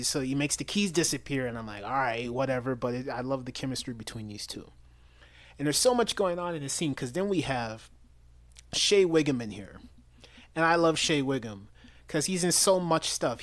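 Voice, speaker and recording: A man's voice: mid-range voice, no room sound. A man giving a casual, enthusiastic spoken movie review, chatty and full of restarts. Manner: chatty, enthusiastic, with frequent restarts and quoted lines.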